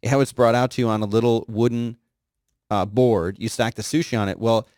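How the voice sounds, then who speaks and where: A male podcast host with a mid-range, darkish voice chats casually and enthusiastically, rambling at a fairly quick pace with fairly even intonation. The recording is studio quality with no echo.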